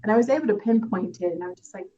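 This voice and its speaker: An actress guest speaks earnestly and emotionally about her work in an interview, at times laughing through tears. Her medium-pitched, mellow voice comes out rapid-fire, and the recording's highs are cut off.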